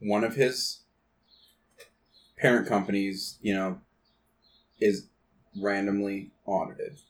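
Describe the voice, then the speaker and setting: A man playing a tabletop role-playing game, talking haltingly with frequent restarts. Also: lowish voice, fairly even intonation. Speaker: player. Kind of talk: tabletop role-play chat.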